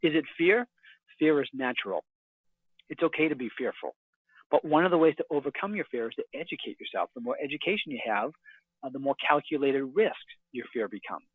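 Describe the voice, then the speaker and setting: Man, energetic sales pitch, dry close sound, phone-like audio. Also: fairly quick, slightly rough, no room sound. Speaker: real estate investor guest. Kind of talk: phone interview storytelling. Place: hotel room. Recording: tinny dry phone line.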